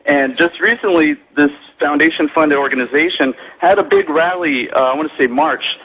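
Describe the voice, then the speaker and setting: A man from South Texas calls in on a muffled, lo-fi phone line, his voice sitting a bit high. He recounts events earnestly, acting out the voices of the people involved. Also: normal speed, a bit bright, slightly rough. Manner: earnest storytelling, acts out others' voices. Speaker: caller, local activist. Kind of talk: phone-in account.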